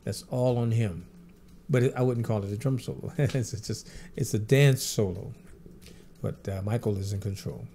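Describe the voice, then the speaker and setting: A man's voice: lowish voice, normal speed, warm tone, slight background noise. A man, a professional drummer, answering fan questions and telling personal stories in an earnest, repetitive way that piles phrase on phrase.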